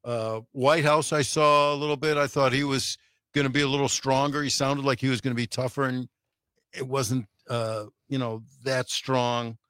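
A man's voice: mid-range voice, little pitch movement, normal speed, fairly bright tone, clean tone, no room sound, clean studio sound. A male co-host on a talk radio show, speaking plainly and restarting phrases.

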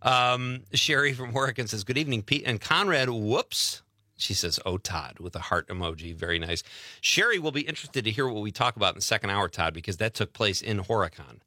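Casual Wisconsin radio host, bright voice on a dry close mic, chatty with listeners. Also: male voice, fairly low pitch, lively intonation, fairly quick, no echo. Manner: chatty, reads listener messages aloud. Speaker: radio talk show host. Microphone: studio mic.

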